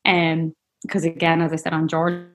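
A woman's voice: low voice, monotone, moderate pace, fairly bright tone. A woman telling a personal story in a casual, rambling, heartfelt way. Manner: chatty, rambling, heartfelt, peppered with "like".

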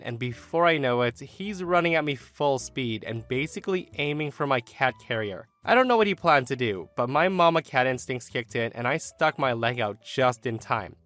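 A man reading a first-person online story aloud with an expressive delivery. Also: mid-range voice. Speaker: story narrator.

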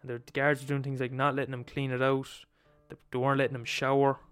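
A man's voice: medium pitch, completely flat delivery, fast, fairly bright tone, smooth, faint music behind. A young man retelling a story in a casual, profane way, acting out quotes as he goes. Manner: profane, swears freely, acts out quotes.

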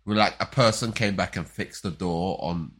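Male co-host, low voice, lively pitch, bright tone; rambling, stammering storyteller. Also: normal speed, breathy edge. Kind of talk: casual chat.

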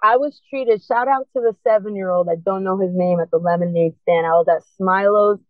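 A woman's voice: mid-range voice, brisk, no room sound. Impassioned woman over a tinny line. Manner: earnest, impassioned, urgent encouragement. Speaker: guest. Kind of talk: emotional personal testimony. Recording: tinny phone-line sound.

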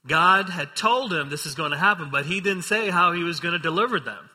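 A man's voice: sits high, brisk, hardly any pauses, bright, forceful tone. A man preaching a sermon, reading scripture aloud and then expounding on it, acting out the quotes with growing intensity. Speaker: pastor. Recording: long reverb of a hall.

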